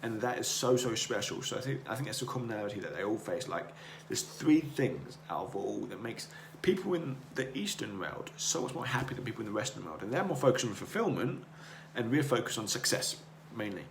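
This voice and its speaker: A man with a lowish voice talks earnestly and circles back over his own words in a rambling motivational monologue. The room around him is echoey, and a faint hiss sits under the voice. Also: big pitch swings, brisk, vocal fry, few pauses. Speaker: podcast host. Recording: roomy echo, faint noise.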